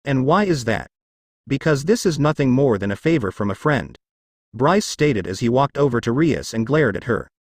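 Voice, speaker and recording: A man reads a fan-written story aloud, carrying narration and every character's lines in his own voice. His pitch moves a lot as he goes, and the sound is dry and close with no room around it. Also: sing-song, moderate pace, no echo. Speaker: fanfiction reader.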